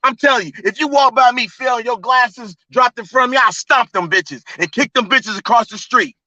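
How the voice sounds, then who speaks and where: A streamer hosting a livestream rants with heated energy, profane, mocking, and fast-talking. His voice is extremely high and sharp, recorded dry yet heard through dull, lo-fi stream audio.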